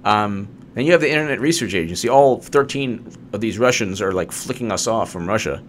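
A man's voice: on the low side, animated, fairly quick, a little hiss or hum. A man giving an unscripted, sarcastic political rant, repeating points and mocking his opponents. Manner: ranting, sarcastic, mocks opponents in put-on voices. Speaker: political commentator.

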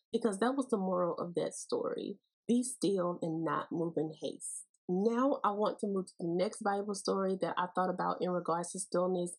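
Woman podcast host, Bible teaching, folksy and playful, breathy tone. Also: fairly low pitch, a little mellow, poor audio.

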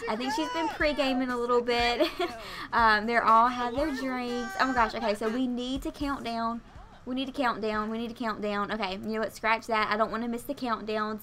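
A woman's voice: a little high, fairly even intonation, normal speed. A young woman doing casual gameplay commentary, chatty and gushing with lots of fillers. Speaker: let's play host.

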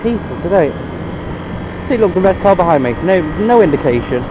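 A man's voice: sits high, sing-song, brisk. Exasperated man ranting from a motorbike. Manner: exasperated, sweary, mocking other drivers. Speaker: motorcycle vlogger. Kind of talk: ranting commentary while riding. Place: on a motorbike in town traffic outdoors. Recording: loud road and traffic noise.

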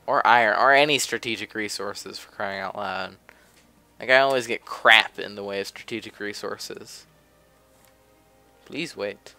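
Grumbling offhandedly during a let's play, this young gameplay commentator keeps up casual, chatty talk on a desk mic. His voice sits on the low side, pushed, bright and smooth, in a dry recording.

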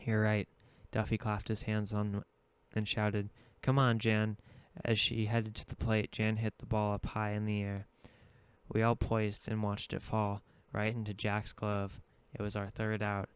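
A man reading a novel aloud in steady, measured audiobook narration. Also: on the low side, smooth, dry recording. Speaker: audiobook reader.

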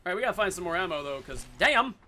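Excitable high-pitched gamer guy. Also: very fast, heavy background noise. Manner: goofy, excitable, silly made-up swears. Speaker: gameplay commentator. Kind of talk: casual gameplay commentary.

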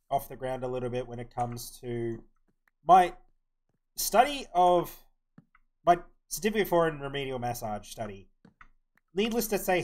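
While streaming a game live, a young man thinks aloud and mumbles his plans in casual commentary. His voice is medium in pitch with a darkish tone.

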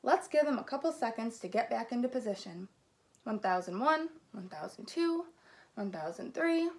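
Woman doing a chatty cheerful storybook guide, friendly, slightly high voice. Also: lively intonation, normal speed. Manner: friendly, talking straight to the listener.

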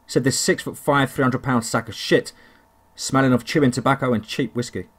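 A man narrating a first-person horror story, telling it in a steady, deliberate way. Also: mid-range voice.

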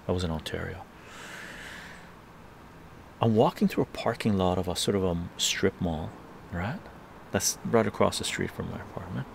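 A man's voice: low voice, moderate pace, gravelly, long pauses, slight background noise. A middle-aged man from Canada casually telling a rambling story on a live stream, tagging his sentences with "right?".

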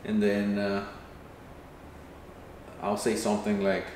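A man's voice: on the low side, monotone, takes it slowly, darkish tone. Man planning a prank video. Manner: talks through a plan, acts out lines. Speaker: channel host. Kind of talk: casual planning chat. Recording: very echoey room, faint noise.

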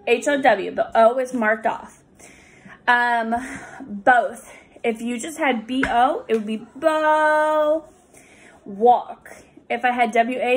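A woman tutoring young readers, explaining reading rules patiently with many pauses and fillers. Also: fairly high pitch. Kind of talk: recorded lesson for students.

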